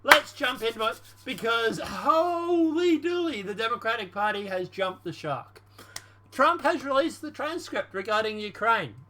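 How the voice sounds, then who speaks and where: A man's voice: sits high, animated, normal speed, bright, forceful tone. A man casually commenting on politics in a rambling, slangy vlog. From Australia. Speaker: channel host.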